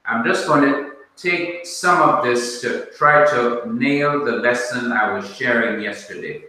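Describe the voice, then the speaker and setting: A man with a Jamaican accent teaching a language class in a classroom, speaking deliberately and quizzing his students with questions. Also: medium pitch, bright, forceful tone. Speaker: Bible teacher. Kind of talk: classroom lecture. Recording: echoey room, mic far off.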